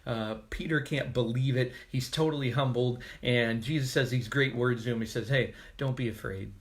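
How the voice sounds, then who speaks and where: A man's voice: mid-range voice, steady tone, normal speed. A male pastor giving a casual, conversational devotional sermon with joking asides.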